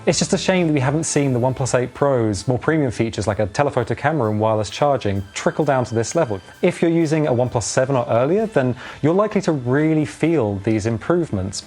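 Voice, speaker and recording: Man, tech reviewer, animated pitch, measured wry delivery, outdoors in wind, phone mic, faint music behind. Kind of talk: scripted product review. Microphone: phone's built-in microphone.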